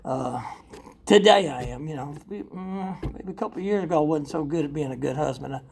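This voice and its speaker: An older man giving a blunt, profane recovery testimony to a live audience. He rambles with fillers, laughs often, and swings between loud and quiet. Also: on the high side, a little fast, vocal fry, slight background noise. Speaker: speaker sharing at a recovery convention workshop.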